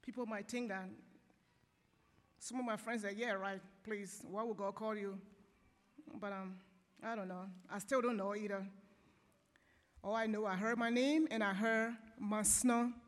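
A woman giving a personal testimony in church, emotional, pausing and apologizing as she speaks. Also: mid-range voice, steady tone, big-room sound. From Africa.

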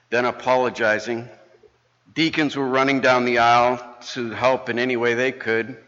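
A man's voice: medium pitch, sharp tone. A man in his late fifties, a lay speaker at church, telling a folksy humorous story and then praying. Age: 50s. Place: church sanctuary. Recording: dull, long church reverb.

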